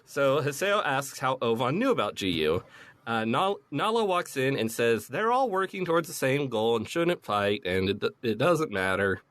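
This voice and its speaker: A man's voice: medium pitch, sing-song, a bit bright. Laid-back man recapping a game. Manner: laid-back, swears, retells scenes with quick put-on quotes. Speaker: podcast host recapping a game. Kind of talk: casual chat.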